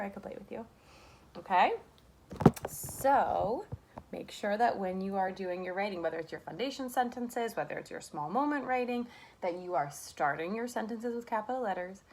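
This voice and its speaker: A woman's voice: medium pitch, lively intonation, moderate pace, gravelly, a little hiss or hum. A young woman teaching a kindergarten class remotely from home, in a sing-song, encouraging way with lots of rhetorical questions, recorded on a camera mic. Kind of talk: remote lesson to young children.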